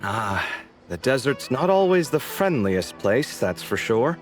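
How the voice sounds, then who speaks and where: Dramatic chatty dude, lively up-and-down voice, bickers. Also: male voice, medium pitch. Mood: friendly. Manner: expressive, theatrical, quick to bicker. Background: game music.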